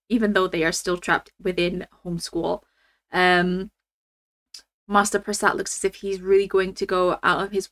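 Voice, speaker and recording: A young woman hosting a reaction channel, chatting casually and ranting in an animated, exasperated way with laughs and fillers. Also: mid-range voice. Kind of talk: casual reaction chat to camera.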